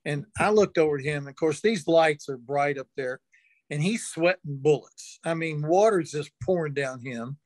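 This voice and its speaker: A man's voice: fairly high pitch, normal speed, no room sound. Older man telling a folksy story. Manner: chuckling, folksy anecdotal storyteller. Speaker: interview guest. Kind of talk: storytelling in an interview.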